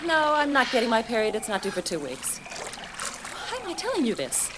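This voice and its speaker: An actress playing a sharp, exasperated woman professor in a comedy film. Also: fairly high pitch, huge pitch swings, moderate pace. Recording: film soundtrack with background noise.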